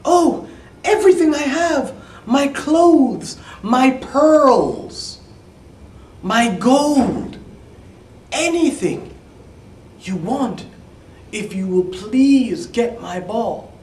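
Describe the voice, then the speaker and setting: A man voicing a young pampered princess in a fairy tale, with a high, exclaiming, pleading delivery. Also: animated, drawn-out words, long pauses, a little mellow, slight background noise, full character voice. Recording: echoey room, mic at a distance.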